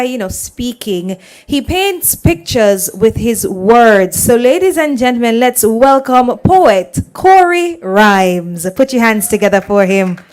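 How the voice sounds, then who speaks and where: A woman emceeing a live forum, upbeat and encouraging as she rallies the audience and introduces speakers. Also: fairly high pitch. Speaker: event emcee.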